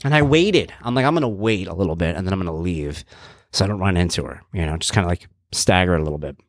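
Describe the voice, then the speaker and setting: A man's voice: low voice, expressive, fast talker, no echo. A man in his thirties hosting a podcast, telling a casual, self-mocking story and acting out the voices he quotes. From Long Island, New York. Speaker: podcast host.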